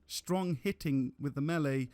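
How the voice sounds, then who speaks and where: Guy streaming, talks games, bit high-pitched, restarts a lot. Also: unhurried, darkish tone, clean tone, no room sound. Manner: rambling with restarts, casual swearing. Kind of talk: gameplay commentary.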